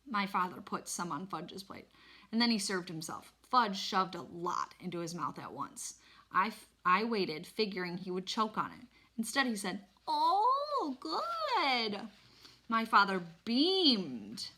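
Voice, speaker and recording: A woman reads a children's novel aloud in an expressive, animated storytelling style. Her pitch is fairly low and her pace unhurried.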